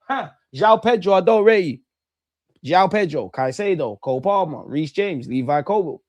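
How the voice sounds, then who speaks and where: A man's voice: high-pitched, expressive, moderate pace, a little mellow, no echo, muffled recording. A young man, a streamer ranting and mocking rival fans in slang-heavy banter during a live football watch-along. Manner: brash, mocking rants with London slang.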